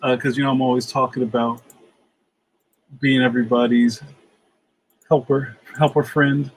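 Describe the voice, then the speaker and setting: A man's voice: medium pitch, level tone, moderate pace, rough recording. A middle-aged man hosting a casual livestream, reading out chat comments, laughing easily, and saying "yo" a lot. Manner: laughs often, says "yo".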